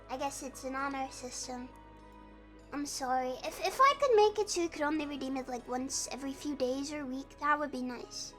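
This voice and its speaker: A woman streaming live, chatting casually and greeting viewers by name in a bubbly way. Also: sits high.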